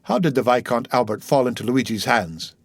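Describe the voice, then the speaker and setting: A man reading an audiobook, voicing a mysterious, wealthy nobleman who speaks in a measured, commanding way. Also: mid-range voice, animated, gravelly, dry recording. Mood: composed. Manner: measured, composed, authoritative.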